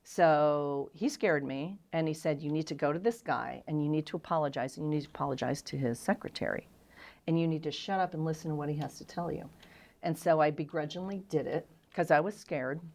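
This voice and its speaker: A middle-aged woman, a guest on an interview show, telling frank, self-deprecating stories in a candid and animated way. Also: low-pitched, fairly quick, vocal fry.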